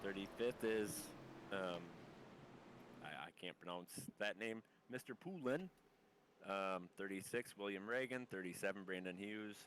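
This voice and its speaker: Low-voiced and a bit slow, this race commentator calls a sim race live with lively intonation and a fairly bright tone. He sounds muffled and under the weather, stumbling over difficult names as he reads through a long lineup. A faint hiss or hum sits under the recording.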